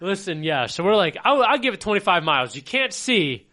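A man's voice: high voice, big pitch swings, a little fast, sharp tone. A young man riffing in casual, profane banter with his friends. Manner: crude, profane, joking.

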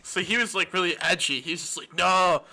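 Man, high animated voice, teasing, sarcastic, noisy mic with clicks. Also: fast talker. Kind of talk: casual podcast chat.

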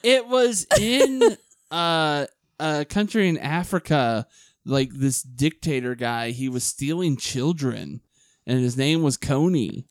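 Slow easygoing man, dry podcast sound. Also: medium pitch, no room sound. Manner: unhurried, filler-heavy, swears casually. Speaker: podcast co-host. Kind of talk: casual chat.

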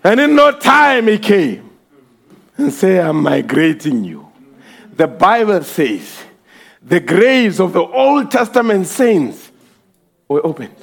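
A male preacher delivering an impassioned sermon, often shouting and crying out hallelujah as he acts out the voices in his stories. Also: sits high, big pitch swings, slow pace, gravelly. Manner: acts out quoted voices while storytelling. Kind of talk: fervent sermon.

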